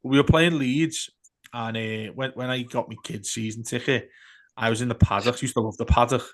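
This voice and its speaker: A man, chatting casually as a podcast co-host and telling animated match-day stories. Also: mid-range voice, fairly quick. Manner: animated storyteller, shouts out quoted fan heckles. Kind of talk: casual football chat.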